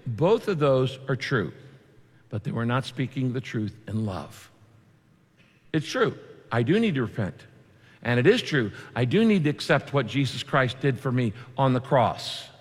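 A man preaching a sermon in a conversational way, with vivid asides and quick shifts in delivery. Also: medium pitch. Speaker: pastor. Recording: long hall reverb.

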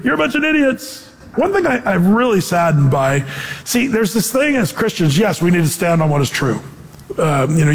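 A man preaching a sermon with an animated delivery that slips into quoted voices. His voice sits high for a man. A long hall reverb trails behind every phrase. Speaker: pastor.

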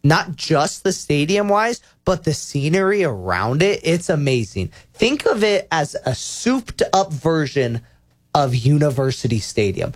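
A young man hosting a casual sports talk show, rambling, correcting himself and getting excited as he goes. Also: fairly high pitch, unhurried, no echo, clean studio sound. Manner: rambling, self-correcting, enthusiastic.

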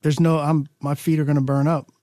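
A man's voice: on the high side, flat delivery, fairly quick, mellow, no echo, studio quality. A man co-hosting a show in casual chat, hesitant and restarting his sentences. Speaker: radio show co-host.

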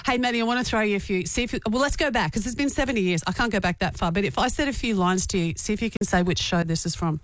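A woman with an Australian accent co-hosting a radio show, bubbly and quick to giggle. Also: mid-range voice, no echo, rough recording. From country Australia. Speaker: radio co-host. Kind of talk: casual radio banter.

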